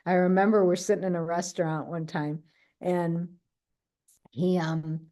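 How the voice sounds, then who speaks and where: Lower-voiced woman telling her story. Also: unhurried. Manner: animated storyteller, often adds "right?"; acts out other people's quoted lines. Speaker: guest speaker. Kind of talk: personal story in an online talk. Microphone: video call.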